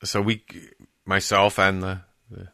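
A middle-aged man with a bright, sharp voice, telling a long story in casual podcast chat. He rambles and restarts often, and his voice lifts when he gets excited. The sound is dry and close. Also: low-pitched, measured pace, vocal fry, no echo. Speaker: podcast co-host.

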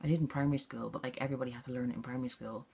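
A woman's voice: extremely low pitch, steady tone, racing, gravelly, a little mellow, slightly rough. A young Irish woman chatting casually to camera at home, rambling and easily distracted, with an Irish accent. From Ireland. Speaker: vlogger.

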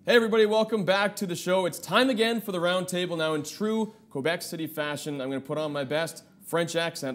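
A man's voice: high voice, fairly quick, hardly any pauses. A man hosting a sports talk show roundtable in a joking, upbeat way. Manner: jokey, upbeat. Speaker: host. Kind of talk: casual studio sports talk.

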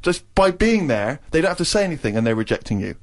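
A man's voice: on the high side, big pitch swings, fast. A man in his thirties, co-hosting a radio podcast and telling a comic anecdote, acting out other people's lines. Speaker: co-host.

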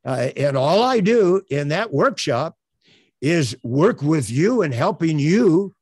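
An older man coaching on elevator pitches in an online presentation, earnest and promotional, with many uhs. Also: sing-song, slow, a little mellow, breathy edge, no room sound. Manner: filler-heavy, earnest, promotional. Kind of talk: webinar presentation. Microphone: webcam on a tripod.

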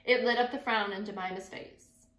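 A woman's voice: medium pitch, steady tone, normal speed, a bit bright. A woman teacher expressively reading a picture book aloud and interjecting to her class. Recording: echoey room.

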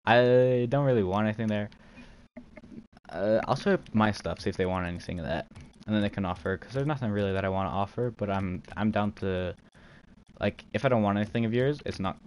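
Laid-back male streamer on a live gaming stream, slightly low voice, jokey chat reader, faint background noise. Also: fairly quick, a little mellow, low-quality recording. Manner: joking, laid-back, reads chat aloud. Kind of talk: casual livestream chat while trading.

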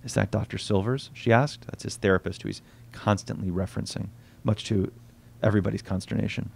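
At a bookstore event, a man reads from his own novel, quiet and unhurried, voicing the dialogue softly. His steady voice sits on the low side, slightly rough, with vocal fry.

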